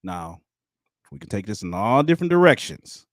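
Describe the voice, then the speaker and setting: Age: adult. Sex: man. Pitch: low. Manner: thoughtful, rambling. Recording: dry. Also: big pitch swings, moderate pace, no echo. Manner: thoughtful, rambling, with many restarts. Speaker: live stream host. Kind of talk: casual live-stream commentary.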